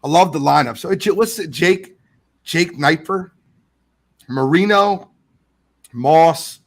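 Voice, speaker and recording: A man hosting a live sports podcast, talking in a lively, animated way as he reads out viewer comments. His voice sits a little high and has a gravelly edge to it. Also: slow pace. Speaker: podcast host. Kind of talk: casual live podcast chat.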